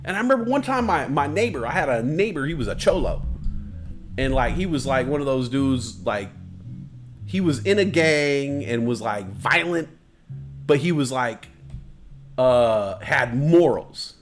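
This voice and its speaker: A man on a live stream telling a profane story in a loose, animated way, peppered with "like". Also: mid-range voice, measured pace, soft background music. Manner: animated, profane, lots of "like" fillers.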